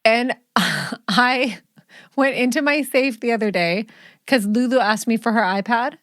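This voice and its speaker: Blunt joking mother, higher voice. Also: a little slow, a bit bright, dry recording, studio quality. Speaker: podcast co-host, mother. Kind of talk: casual podcast chat.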